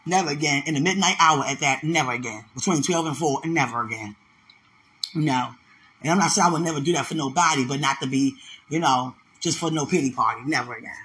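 A speaker with a bright, sharp-edged voice talks in a loose, faith-filled monologue. The delivery is teasing and full of laughter, with quoted voices acted out in a raised pitch and a running "you understand?" aimed at the listener. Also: fairly quick, poor audio.

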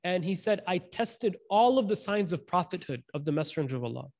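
A man's voice: high voice, brisk. A man preaching a casual sermon, telling stories in slangy speech and acting out the quotes. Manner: slangy, animated, acts out quotes, frequent "like". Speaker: Islamic preacher.

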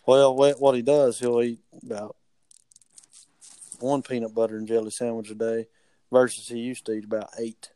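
A man's voice: medium pitch, little pitch movement, normal speed, long pauses, mellow, dry recording. A young man, telling rambling family stories in casual chat. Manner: rambling, easygoing storyteller.

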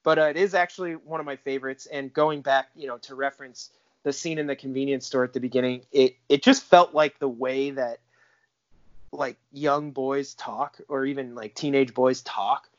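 A young man co-hosting a casual film discussion podcast, chatty and quick to laugh while retelling scenes. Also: medium pitch, fairly even intonation, no echo, lo-fi sound. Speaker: podcast co-host.

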